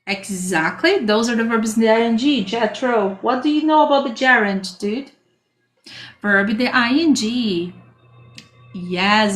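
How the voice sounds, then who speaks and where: A woman's voice: fairly high pitch, fairly bright tone. A woman teaching an English grammar lesson on a livestream, chatting with viewers and greeting them by name.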